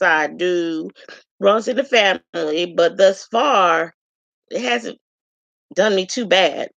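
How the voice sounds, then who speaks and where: A woman from Chicago giving a frank, chatty self-introduction to her viewers, pausing often with ums. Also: mid-range voice, creaky, a bit bright, dry recording. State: tearful at times. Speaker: vlogger introducing herself. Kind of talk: casual self-introduction to camera.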